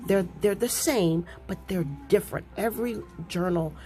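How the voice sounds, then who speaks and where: Gushing low-voiced woman with a lilt. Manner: gushing, excitable, repeats herself. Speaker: crafting vlogger. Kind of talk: casual chat to viewers.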